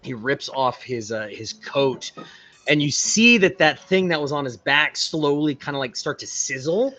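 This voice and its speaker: A man playing a tabletop role-playing game, describing his character's actions in an animated way. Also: a little high, a little slow. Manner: animated, builds up vivid descriptions. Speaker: player.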